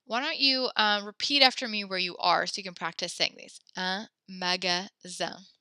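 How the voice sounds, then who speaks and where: A woman's voice: medium pitch, animated, a little fast, pushed and bright, clear, resonant tone, no echo. A woman teaching a French vocabulary lesson in a chatty, digressive way, with many fillers and self-corrections. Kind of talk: recorded classroom lesson.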